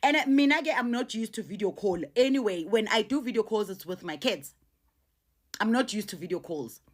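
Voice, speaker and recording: A middle-aged South African woman tells her own story with animated energy. She repeats little exclamations and mixes local words into her speech. Her voice sits at a middle pitch. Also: brisk. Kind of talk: personal storytelling.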